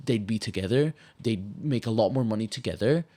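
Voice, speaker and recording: A man's voice: on the low side, expressive, fairly quick, mellow. A young man from Malta co-hosting a casual podcast, ranting in a heated, swearing, rambling way. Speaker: podcast co-host. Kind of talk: casual chat.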